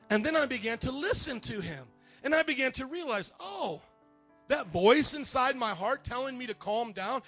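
A man preaching a sermon in church, animated and acting out quoted voices, shouting at times. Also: high-pitched.

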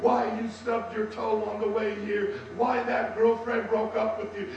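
A male pastor with a strained, worn voice, preaching an impassioned sermon that swings into shouts for emphasis. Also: very high-pitched, flat delivery, moderate pace, gravelly, hardly any pauses. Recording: echoey hall from far off with faint hum.

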